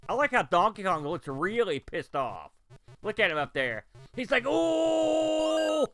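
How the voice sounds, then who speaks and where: Lively man streaming retro games. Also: a little high, normal speed. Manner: excitable, reacts loudly to gameplay and talks to chat. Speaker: game streamer. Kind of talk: live game-stream commentary.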